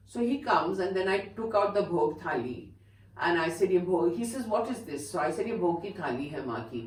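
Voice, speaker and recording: An older woman with an Indian English accent, gently telling a personal story in a chatty way, with many "you know"s. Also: fairly low pitch, reverberant, far from the mic, rough recording. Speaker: spiritual teacher telling her own story. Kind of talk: casual storytelling to viewers.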